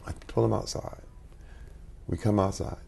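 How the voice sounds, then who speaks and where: A man in his forties, a guest in an interview, telling personal stories in an animated way and acting out quotes with big jumps in his voice. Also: lowish voice, moderate pace, gravelly, breathy edge. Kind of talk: conversational storytelling.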